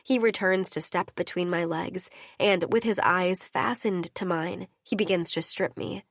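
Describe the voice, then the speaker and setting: A woman's voice: on the low side, steady tone, measured pace, dry recording, studio quality. A woman narrating a romance audiobook in an intimate first-person reading.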